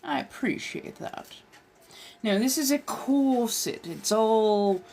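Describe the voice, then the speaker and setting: A woman's voice: fairly high pitch, animated, slow pace, creaky, mellow, slight background noise. A woman hosting a live stream in character as an ancient vampire, chatting and reading tarot with theatrical, old-fashioned genteel phrasing.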